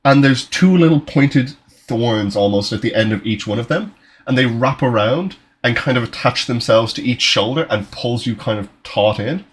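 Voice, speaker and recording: A man's voice: medium pitch, lively intonation, normal speed, breathy edge. A man running a tabletop game as game master, narrating casually, swearing and breaking off mid-sentence, on an online voice call. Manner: casual, swearing, self-interrupting.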